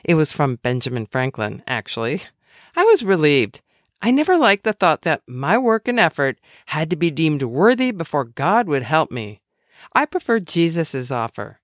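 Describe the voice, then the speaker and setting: A woman reads aloud from her own devotional book, her voice rising and falling in a lively, expressive way. She keeps it conversational and drops in wry asides, and the sound is close and dry with no room echo. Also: low-pitched, moderate pace.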